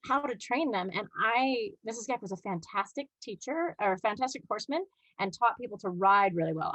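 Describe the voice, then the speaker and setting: Woman guest on a video call, chatty storyteller with lots of restarts, plain pitch, dry sound. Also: dry recording, rough recording. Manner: animated, chatty, many fillers and restarts. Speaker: guest horse trainer. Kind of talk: storytelling in a live video interview.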